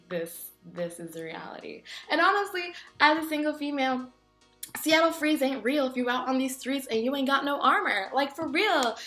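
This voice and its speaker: Chatty young woman in an echoey room. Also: medium pitch. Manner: animated, jokey, acts out voices in her stories. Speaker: vlogger. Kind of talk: casual storytelling vlog.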